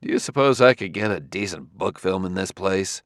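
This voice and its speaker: A man's voice: deep voice, normal speed, dry recording, clean studio sound, natural voice. A male audiobook reader voicing a stern, tired middle-aged detective who reasons tersely. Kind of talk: audiobook character voice.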